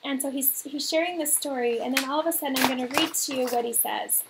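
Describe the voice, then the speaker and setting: A woman with a high, bright-toned voice hosts a faith livestream. She tells her viewers a story in an earnest, animated way and leans on repeated phrases for emphasis. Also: fast talker, creaky, heavy background noise.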